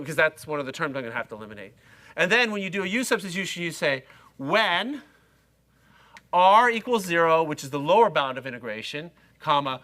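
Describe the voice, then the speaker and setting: A man's voice: on the high side, pushed and bright. A middle-aged man lecturing a university class, chatty and self-mocking, talking straight to his students. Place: lecture hall.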